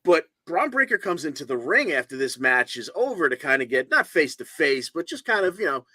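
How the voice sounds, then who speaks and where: A man co-hosting over a video call, with a bright, forward voice recorded close and dry. He recaps matches casually, rambling through them with fillers. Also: medium pitch, dry recording. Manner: relaxed, rambling play-by-play with fillers. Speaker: podcast co-host.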